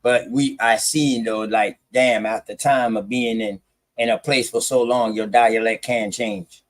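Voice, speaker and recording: A man's voice: medium pitch, fairly even intonation, measured pace. A man hosting a casual chat, talking in a slangy way and explaining things point by point. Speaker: host.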